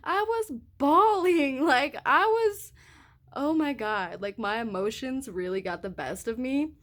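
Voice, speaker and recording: A woman's voice: on the high side, a little slow. A young woman vlogging into a hand-held phone, telling a rambling story full of casual swearing. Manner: profane, rambling, animated storytelling.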